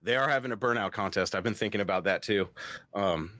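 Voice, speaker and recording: A man's voice: on the low side, fast talker, pushed and bright, no room sound. A man hosting a casual live-stream chat, laughing often and reading viewer comments aloud. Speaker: podcast host.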